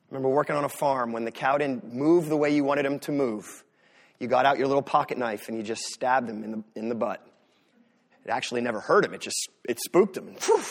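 A man's voice: medium pitch, gravelly. A man from the US Northeast preaching a sermon as pastor, talking in a conversational way with sarcastic asides.

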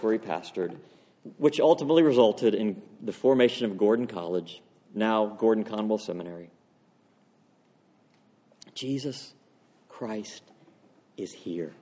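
A man preaching an earnest sermon as a pastor, swinging from loud emphasis to hushed, quiet phrases. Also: medium pitch. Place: church sanctuary. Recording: long reverb of a church hall.

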